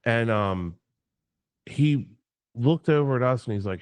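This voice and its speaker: A man telling a story on a casual livestream, animated and profane, acting out the quotes in his tale. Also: mid-range voice, measured pace, smooth, no room sound. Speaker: guest.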